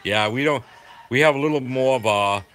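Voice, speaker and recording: An older man from southeastern Massachusetts with a local accent, casually chatting with viewers on a livestream in a rambling, halting way. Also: mid-range voice, fairly bright tone. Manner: rambling, halting, full of fillers. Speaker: livestream host. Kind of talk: casual chat reading viewer comments.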